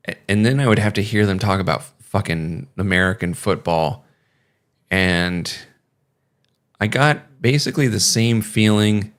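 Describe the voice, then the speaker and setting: A man's voice: sits low, fairly bright tone, clean tone. A young man chatting casually on a stream, rambling and swearing with many fillers. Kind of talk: casual chat.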